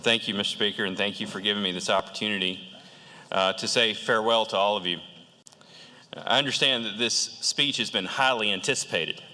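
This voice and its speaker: A man with a Southern accent and a deep baritone giving a farewell speech, with a dry, wry humor. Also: brisk, pushed and bright. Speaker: departing state representative. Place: state house chamber. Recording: long reverb of a legislative chamber.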